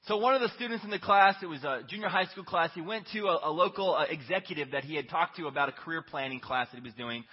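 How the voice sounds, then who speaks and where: A man preaching a Sunday sermon, telling a story in an earnest, conversational way that swings between hushed and emphatic. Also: a little high, fast, few pauses, husky. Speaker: pastor. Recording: echoey hall, dull lo-fi sound.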